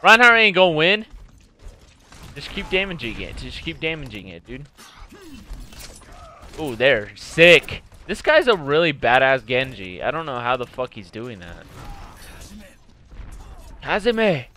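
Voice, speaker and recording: Bright, excitable young man gaming. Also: mid-range voice, a little slow, pauses often. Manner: excitable, swearing, trash-talking. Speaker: gaming YouTuber. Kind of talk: gameplay commentary.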